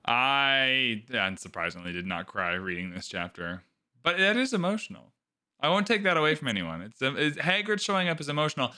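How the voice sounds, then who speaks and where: A young man co-hosting a casual book podcast, talking in an animated, sarcastic way and mimicking characters in jokey voices. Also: medium pitch, brisk. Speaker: podcast co-host.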